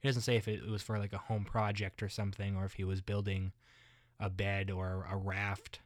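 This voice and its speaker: A man's voice: deep voice, level tone, no echo, lightly acted. A man playing a muddled rambling guy. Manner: halting, rambling, full of restarts and "like".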